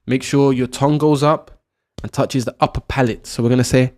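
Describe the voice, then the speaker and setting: A man's voice: mid-range voice, steady tone, brisk, darkish tone. A man with a British accent teaching Arabic pronunciation. He drills each syllable over and over and keeps checking in with "right?". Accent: British English. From Britain. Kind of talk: slow, patient pronunciation lesson.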